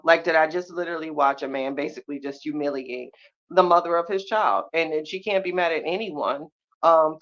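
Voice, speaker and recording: On a live-stream podcast, a woman with a lowish voice responds to her viewers in a sassy, lively way. Frequent laughter, stretched-out exclamations and slang-filled asides mark her chat, and the lo-fi audio is a bit muffled.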